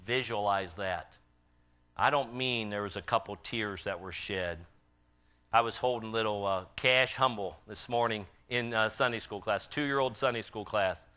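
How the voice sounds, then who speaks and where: A man preaching a sermon in a church, swinging from loud impassioned calls to quiet, earnest appeals. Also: fairly low pitch, unhurried, clean tone. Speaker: pastor. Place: church sanctuary.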